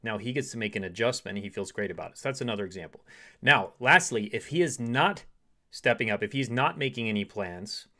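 A man's voice: lowish voice, animated, a little fast. A man giving dating advice to women as a relationship coach, speaking straight to the listener and acting out short example conversations. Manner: acts out short quoted dialogues in softer voice.

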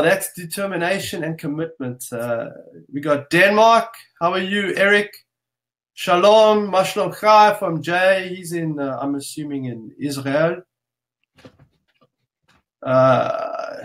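A man hosts a live online webinar in a casual, upbeat manner. His voice sits a little high, and he speaks slowly and warmly as he welcomes each viewer. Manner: upbeat, greets viewers one by one. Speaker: webinar host.

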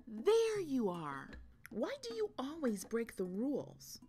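A woman's voice: medium pitch, sing-song, slow pace, soft background music, voice pushed up. A woman reading aloud, voicing a small, brave, rule-making girl shape in a sing-song storybook voice. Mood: calling.

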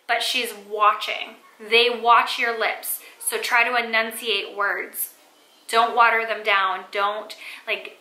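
A woman's voice: mid-range voice, pushed and bright. A young woman, a mother, chatting casually to camera with lots of "like" and "um" fillers. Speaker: mom vlogger. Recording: echoey room.

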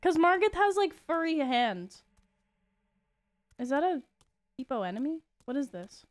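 Giggly high-voiced woman streamer. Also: sing-song, measured pace, no echo. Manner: giggly, playful, chats with viewers. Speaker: game streamer. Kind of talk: casual gaming commentary.

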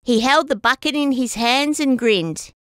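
A woman reading a children's story aloud as a storyteller, expressive and sing-song. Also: high voice, unhurried, clean tone, no echo, studio quality.

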